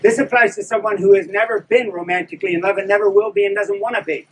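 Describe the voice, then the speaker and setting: A man's voice: sits high, fairly even intonation, fast talker, distant mic, poor audio. An older man, an author, giving a candid, self-deprecating live talk to an audience about his book. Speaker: author speaking at a book event.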